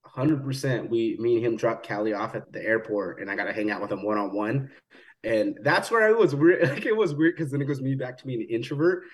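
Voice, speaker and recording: A man's voice: medium pitch, expressive, slightly rough. A man co-hosting a podcast, talking casually and bluntly, swearing freely and acting out what others said. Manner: fast, blunt, swears freely, acts out quoted talk. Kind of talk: casual chat.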